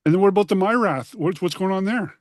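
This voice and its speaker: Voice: medium pitch, fast talker, no room sound, studio quality. A radio host asking conversational interview questions and giving brief yeahs while the guest talks. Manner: brief back-channel replies, conversational questions.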